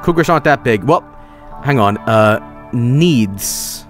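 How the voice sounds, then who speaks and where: Excitable man yelling at a video game. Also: mid-range voice, slow pace, faint music behind. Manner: excitable, swears, yells at game characters. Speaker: streamer. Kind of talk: gaming livestream commentary.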